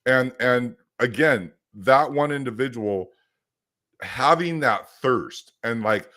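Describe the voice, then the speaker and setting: A man's voice: mid-range voice, slow pace, pushed and bright. A man co-hosting a casual chat, telling a story energetically and acting out the quotes. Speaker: podcast co-host.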